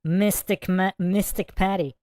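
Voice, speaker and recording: Guy hosting a livestream, chill mellow voice, dry close mic, reads chat out loud. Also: sits high, fairly even intonation, unhurried, no room sound. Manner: chatty, muses aloud, reads comments and look-ups aloud. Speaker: livestream host reading viewer chat.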